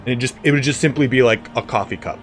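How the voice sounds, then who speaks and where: A man casually commenting on a game he plays live, chatting with viewers and breaking into excited reactions. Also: mid-range voice, quick pace. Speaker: game streamer.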